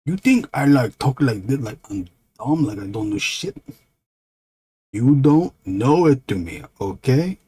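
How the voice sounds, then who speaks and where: A man's voice: medium pitch, big pitch swings, unhurried, dark tone, breathy edge, voice pushed up. A man voicing a dim-sounding but proudly well-mannered monster that speaks in broken grammar and mutters indignantly.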